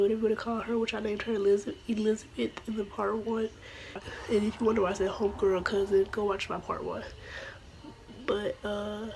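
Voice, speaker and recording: Hoarse woman with a flat, worn-out voice. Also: mid-range voice, a little hiss or hum, low-quality recording. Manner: rambling, with restarts and self-corrections. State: losing her voice, hoarse and partly whispering. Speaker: vlogger. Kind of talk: casual storytime vlog.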